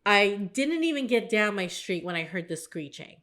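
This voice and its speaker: A woman's voice: mid-range voice, big pitch swings, moderate pace, a bit bright. A woman co-hosting a podcast, telling a story in casual chat, swearing freely and quoting herself in a jumped-up voice. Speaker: podcast co-host.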